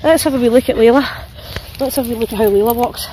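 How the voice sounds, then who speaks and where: Tired, high-voiced Scottish woman. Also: fast talker, warm tone, slight background noise. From Scotland. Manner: chatty, swearing, voicing her dogs' thoughts. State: tired and sore. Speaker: dog walker vlogger. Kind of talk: casual walking vlog. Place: outdoors in woods on a walk.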